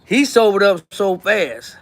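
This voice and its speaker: A man with a strikingly high voice tells a story to his show's audience. He talks casually and animatedly, acting out what others said and repeating lines for effect. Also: big pitch swings, a little slow. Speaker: host telling a story.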